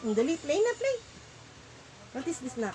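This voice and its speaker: High-voiced Filipino grandmother coaxing a toddler. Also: sing-song, moderate pace, warm tone, soft background music, poor audio. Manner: coaxing, asks simple questions, switches between Tagalog and English. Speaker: grandmother playing with her grandchild. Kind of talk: casual home video, talking to a toddler. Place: at home.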